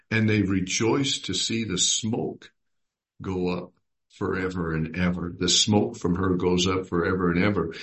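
A man's voice: low voice, a bit bright. A man leading a Bible study, reading verses aloud and putting questions to his group. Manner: unhurried, reads scripture aloud and asks the group questions.

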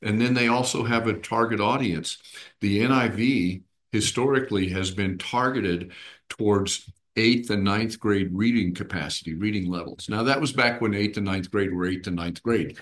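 A man's voice: on the low side, normal speed. A man teaching a small group Bible study, explaining patiently and often checking in with his listeners.

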